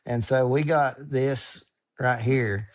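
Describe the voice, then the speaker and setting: A man of middling pitch talks in a casual interview, earnest and a little halting. He repeats words and restarts as he gropes for the right phrasing. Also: fairly even intonation. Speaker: podcast guest, ultrarunner.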